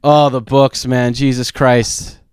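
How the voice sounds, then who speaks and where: A man's voice: mid-range voice, level tone, slow, smooth, no echo, clean studio sound. A man in his thirties, a podcast co-host, rambling through a long anecdote with many fillers. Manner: rambling storyteller, lots of fillers. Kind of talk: casual chat.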